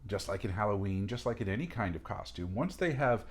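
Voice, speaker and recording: Man, on the low side, loosely talks through a reading with chatty asides and restarts. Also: brisk, slightly rough. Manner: discursive, many fillers and restarts, animated asides. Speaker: lecturer. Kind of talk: casual spoken lecture on a reading.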